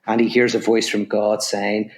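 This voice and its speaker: A man's voice: on the low side, normal speed. A man telling a parable and then explaining abstract ideas as a podcast guest, acting out the voices in his story and restarting phrases as he builds each point. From Northern Ireland. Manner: lively storyteller, acts out voices in anecdotes.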